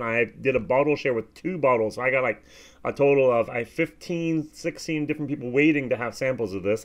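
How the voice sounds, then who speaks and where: An American man giving a casual whisky tasting review, with animated, expressive reactions and plenty of fillers. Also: mid-range voice. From United States.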